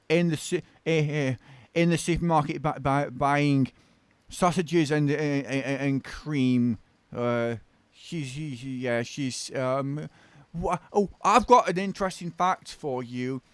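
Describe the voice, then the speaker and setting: A man's voice: on the high side, steady tone, slow pace, clear, resonant tone, no echo. A man with a British accent voicing a bored little boy who stammers through a joke and repeats his words. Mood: stammering.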